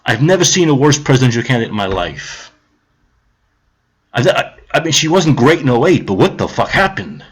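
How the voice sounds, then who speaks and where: A man's voice: medium pitch, very animated, fairly quick, breathy edge. A man ranting on a live stream about politics, heated, sarcastic and profane, repeating his points.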